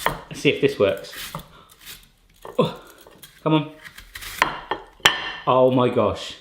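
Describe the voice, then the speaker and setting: A man, testing kitchen gadgets at home in casual chat and often bursting into excited exclamations. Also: medium pitch, extremely slow, echoey room, heavy background noise.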